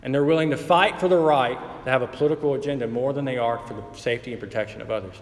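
A man in his thirties preaching a sermon, moving between quiet, conversational storytelling and emphatic passages. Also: medium pitch, very fast. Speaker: pastor. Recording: hall reverb with faint ambience.

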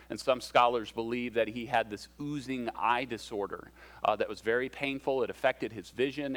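A man preaching a sermon as a pastor, in a conversational way with self-deprecating humor and shifting emphasis. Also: mid-range voice.

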